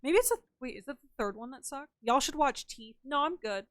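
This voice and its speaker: High-pitched chatty woman streamer. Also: expressive, brisk, no echo. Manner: chatty, swears freely, answers chat. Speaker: gaming streamer. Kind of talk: casual chat while playing a game.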